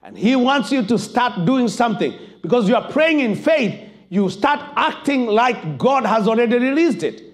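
A man preaching a sermon as pastor, impassioned and building to shouted emphasis. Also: very high voice, sing-song, moderate pace.

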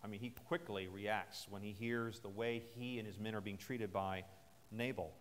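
A man's voice: lowish voice, steady tone, moderate pace, a little hiss or hum. A man preaching a sermon at a military chapel service, retelling a scripture story in an earnest, conversational way. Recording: long chapel reverb.

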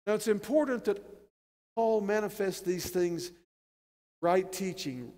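A man preaching a sermon as pastor, building to loud, emphatic, stressed phrases. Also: sits high, unhurried. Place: church sanctuary. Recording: long church reverb.

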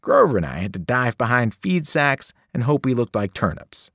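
A man, a teacher, reading a novel aloud with expressive storytelling. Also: mid-range voice, moderate pace, no room sound, studio quality.

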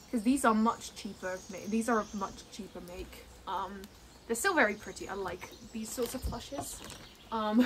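Amazed young woman unboxing a plush, slow. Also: on the high side, a little hiss or hum. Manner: excited, amazed, rambling with fillers and restarts. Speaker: plush maker and vlogger. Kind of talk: casual unboxing vlog. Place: home room with tripod camera. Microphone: camera mic on a tripod.

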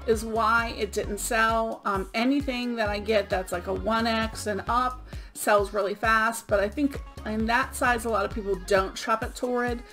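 Woman, slightly high pitch, casual show-and-tell, out of breath, faint music behind. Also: steady tone, normal speed, a bit bright. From Florida. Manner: chatty, upbeat, many ums. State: sick, out of breath. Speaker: eBay reseller vlogger.

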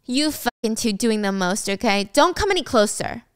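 A woman's voice: a little high, animated, moderate pace, clean tone, no room sound, studio quality, close to an everyday voice. A woman voicing a snarling, violent teen boy. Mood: menacing. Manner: snarling, cursing threats. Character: violent, threatening teenage boy.

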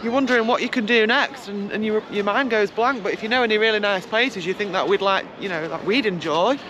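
High-voiced man chatting outdoors. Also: brisk, highs cut off. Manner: chatty, rambling with restarts. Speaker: travel vlogger. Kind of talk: casual chat. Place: outdoors by a beach. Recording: noisy outdoor recording.

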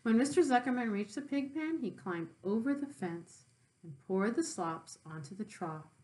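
Woman teacher, storybook read-aloud, lively pitch, expressive, explains words for kids. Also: moderate pace, poor audio. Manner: expressive, with brief explanations for children. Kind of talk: reading a children's book aloud.

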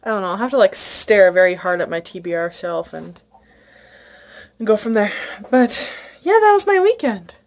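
A woman's voice: mid-range voice, very animated, normal speed, long pauses. Gushing young woman book vlogger. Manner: chatty, gushing, many fillers. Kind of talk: casual vlog chat. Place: at home.

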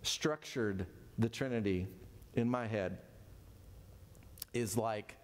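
A man's voice: fairly low pitch, slow. A man in his fifties teaching a Bible study in a folksy, conversational way, with self-deprecating asides. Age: 50s.

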